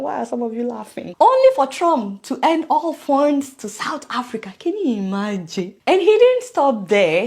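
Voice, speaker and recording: A woman commentating on the news in a casual video, animated and talking directly to her viewers. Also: high-pitched.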